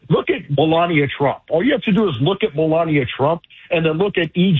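Casting: male radio guest on a phone line, blunt and combative, husky voice, tinny sound. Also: a little high, no room sound. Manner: blunt, insulting, emphatic. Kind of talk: combative political commentary.

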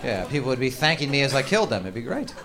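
A man's voice: medium pitch, very animated, very fast, a crowd in the background. A man performing stand-up comedy with profane, mock-angry rants. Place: comedy stage. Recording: noisy live stage recording.

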